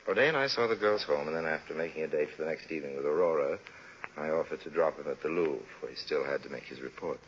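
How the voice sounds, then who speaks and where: A man's voice: very deep voice, a bit bright. An actor playing a suave, sardonic con man who narrates an old radio drama. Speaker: narrator and lead. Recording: muffled old radio broadcast with hiss.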